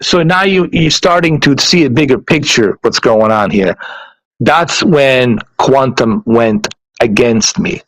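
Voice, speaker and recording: A man ranting casually to his viewers, animated and profane, often repeating himself. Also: mid-range voice, measured pace, no echo, rough recording. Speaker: YouTuber.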